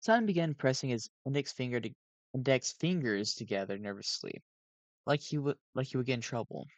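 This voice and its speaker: A man's voice: medium pitch, expressive, brisk, no room sound. A sleep-deprived man reading a fan story aloud on a cheap home mic, often stumbling and correcting himself. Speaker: fan reader. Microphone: cheap home microphone.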